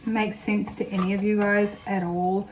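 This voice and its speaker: A woman's voice: medium pitch, flat delivery, moderate pace, darkish tone, a little hiss or hum, poor audio. A woman, chatting casually to camera in a rambling vlog. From New Zealand. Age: late 20s. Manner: rambling, chatty, with frequent fillers. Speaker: vlogger.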